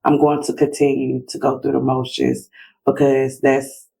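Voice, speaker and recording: A woman's voice: rumbling low, little pitch movement, normal speed, vocal fry, dark tone, slightly rough, rough recording. A woman guest in a casual interview, talking reflectively about parenting and retelling conversations with her daughters. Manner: reflective, acts out family dialogue.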